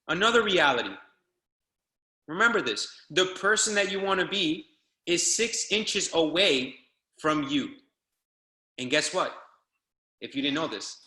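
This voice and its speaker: A man's voice: a little high, sharp tone, reverberant. A man giving a motivational speech to a group call as a business trainer, exhorting and hammering the same phrases again and again. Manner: fired-up, hammering repetition, exhorting.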